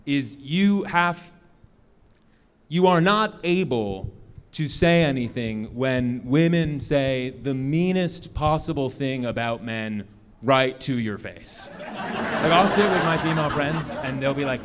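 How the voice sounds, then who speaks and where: A young man doing a stand-up set on a club stage, self-mocking, acting out both sides of his conversations in quick asides. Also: medium pitch, lively intonation. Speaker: stand-up comedian. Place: comedy club stage with live audience.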